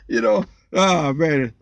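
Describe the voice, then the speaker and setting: A man's voice: fairly high pitch, slight background noise. A man talking casually to camera, venting and telling stories in a rambling way, often repeating words. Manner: lively, incredulous when telling funny stories. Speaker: vlogger, former rideshare driver.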